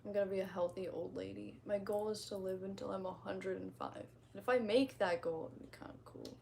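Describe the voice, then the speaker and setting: A woman's voice: medium pitch, steady tone, normal speed, creaky, darkish tone, slight background noise. A young woman casually chatting on a stream, reading out comments and reacting in a blunt, profane, rambling way. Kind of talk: casual livestream chat.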